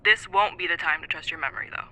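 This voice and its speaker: An actress playing a teasing, upbeat young woman friend who talks in an animated, encouraging way in an audio drama. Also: low-pitched, fast, poor audio. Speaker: supportive friend.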